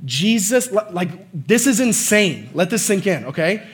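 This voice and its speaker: A man preaching a conversational sermon, often checking in with "right?" and "okay?" and swinging from quiet asides to shouting. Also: sits high, big pitch swings, a little slow, soft background music.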